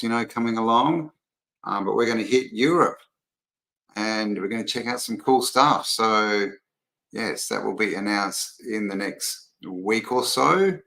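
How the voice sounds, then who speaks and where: A man's voice: on the low side, gravelly, a bit bright, rough recording. An Australian man hosting a casual livestream, rambling chattily and greeting viewers by name as he reads their comments. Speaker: livestream host.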